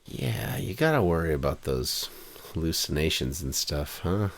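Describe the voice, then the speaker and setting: A man's voice: very deep voice, animated, moderate pace, no room sound. A man chatting casually and joking a lot while brainstorming ideas. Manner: jokey, playful, laughs often. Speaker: co-host.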